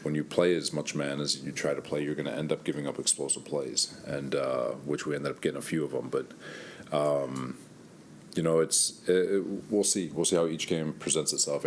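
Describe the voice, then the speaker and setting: In a press room, a head coach answers reporters candidly and conversationally, thinking aloud and sounding a little winded. His voice rumbles low, with a slight hiss or hum on the recording.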